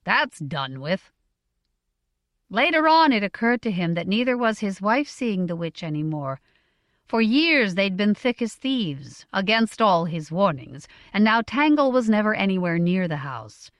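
Reading a novel aloud, this woman audiobook narrator is measured and expressive. Her pitch sits in the middle, and the recording is dry and studio quality.

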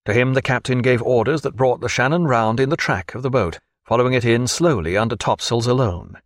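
A man narrating an audiobook in an expressive, measured storytelling manner. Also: mid-range voice, dry recording, clean studio sound.

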